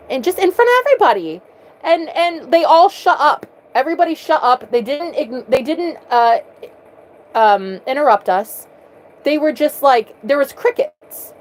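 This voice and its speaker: A woman's voice: high voice, a little hiss or hum, poor audio. A woman vlogger telling a personal story earnestly, often repeating words as she restarts.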